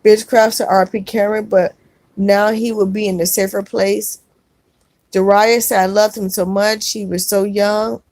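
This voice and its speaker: A woman's voice: mid-range voice, a little mellow, no room sound. A middle-aged woman hosting a casual livestream, reading viewer comments aloud and answering with earnest comfort, often saying "y'all.".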